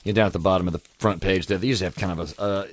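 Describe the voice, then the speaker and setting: A man's voice: sits low, fairly even intonation, rapid-fire, no room sound. A man hosting a show, chatting in a rambling, casual way with many fillers and chuckles. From United States. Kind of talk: casual monologue. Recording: dull lo-fi dry recording.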